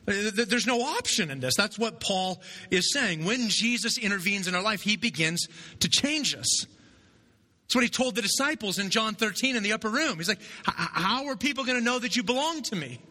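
A man's voice: high voice, pushed and bright, big-room sound. A man preaching a sermon as pastor, talking conversationally and checking in with his listeners by asking "right?" again and again.

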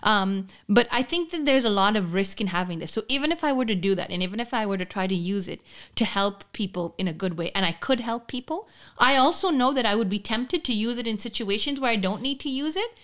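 A woman's voice: medium pitch, expressive, a little fast, fairly bright tone. A woman in casual podcast chat who often stammers and restarts while she searches for words.

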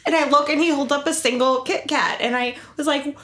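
A woman in her thirties co-hosting a casual podcast, telling animated stories and laughing often. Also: sits high, normal speed, few pauses. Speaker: podcast co-host. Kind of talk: casual chat.

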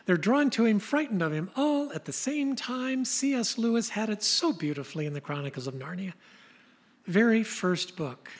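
An older man preaching a sermon, telling stories in an animated way and dropping to a whisper for emphasis. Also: sits high, moderate pace. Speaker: pastor. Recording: long reverb of a large hall.

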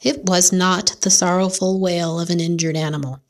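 A woman narrating a first-person story as an audiobook, in a measured, dramatic reading that often sinks to a hushed near-whisper. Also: lowish voice, steady tone.

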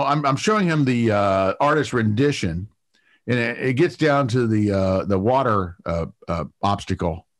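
A middle-aged man telling a lively story in an interview, full of fillers, repeated words and restarts. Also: medium pitch. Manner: animated anecdote-telling with many fillers and restarts. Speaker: TV producer guest.

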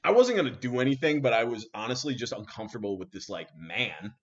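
A man host telling a story casually, animated, with many fillers, acting out what people said. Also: medium pitch, quick pace. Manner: animated, full of fillers and acted-out quotes. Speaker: podcast host. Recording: dull lo-fi sound.

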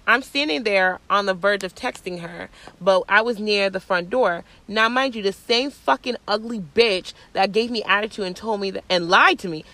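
A young woman hosting her own show, telling a casual story in a blunt, profane, animated way. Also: medium pitch, no room sound. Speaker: podcast host.

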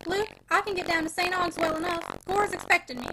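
A woman reading the lines of an ailing, bewildered old miller father with a sharp, agitated temper. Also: very high voice, wildly swooping pitch, fairly quick, creaky, noisy background, full character voice. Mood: angry.

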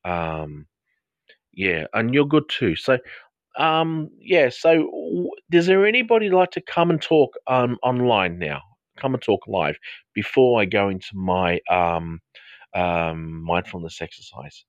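A man's voice: fairly low pitch, big pitch swings, a little slow, no room sound, lo-fi sound. An Australian man hosting a live podcast, chatting straight to his listeners. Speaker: podcast host and counsellor.

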